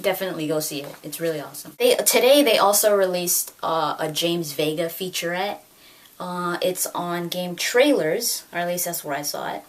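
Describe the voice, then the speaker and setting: A woman in her twenties chatting excitedly about gaming news with lots of fillers, recorded at home. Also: fairly low pitch. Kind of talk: casual chat.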